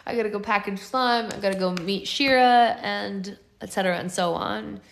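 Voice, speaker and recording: A woman's voice: mid-range voice, moderate pace, gravelly. A woman hosting a live book club, reading a novel aloud and chatting casually with her viewers. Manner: casual, chatty between chapters. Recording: echoey room.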